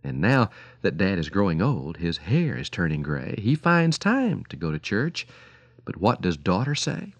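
Earnest low-voiced radio preacher man. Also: very animated, measured pace, no room sound, lo-fi sound. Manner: earnest, pleading, storytelling. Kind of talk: radio sermon with stories.

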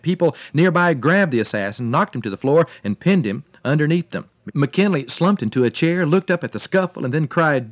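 A man giving a radio devotional, telling a story dramatically and slowing and softening his voice for emphasis. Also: medium pitch, no room sound. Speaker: radio preacher.

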